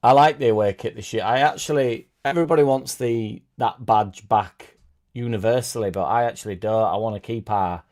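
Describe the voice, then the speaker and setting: A man's voice: lowish voice, moderate pace, a little mellow. A man hosting a fan channel live stream, talking casually and rambling between topics and viewer comments, with self-deprecating asides.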